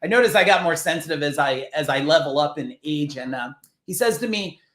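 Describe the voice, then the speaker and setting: A man's voice: a little high, lively intonation, fairly quick, fairly bright tone, echoey room. A man from New Jersey, a business founder telling earnest stories as a podcast guest, swearing casually. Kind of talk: emotional storytelling.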